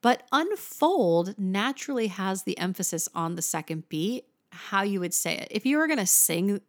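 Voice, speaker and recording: A woman in mid-range pitch explains lyrics with lively energy, now and then singing a few notes to make her point. The sound is dry, with almost no room echo. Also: moderate pace. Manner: animated, sings short snippets to demonstrate. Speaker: teacher analyzing song lyrics. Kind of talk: explanatory lesson.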